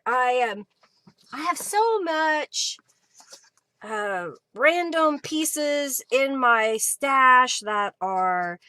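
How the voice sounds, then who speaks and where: Her voice is high, bright and forceful as she hosts a live crafting stream at home in her craft room. It's a casual demo chat: she rambles, chats freely and thinks aloud while hunting through her supplies.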